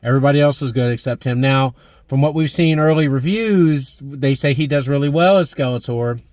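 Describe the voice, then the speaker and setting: A man's voice: medium pitch, brisk, a little mellow, dry recording, clean studio sound. A man in his thirties chatting enthusiastically about a movie as a vlog host, with plenty of fillers. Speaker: movie review vlogger. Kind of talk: casual chat.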